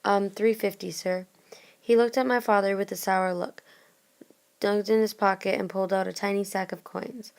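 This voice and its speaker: A woman's voice: medium pitch, fairly even intonation, moderate pace, gravelly, darkish tone. A woman casually retelling a story in first person, in a plain reading manner.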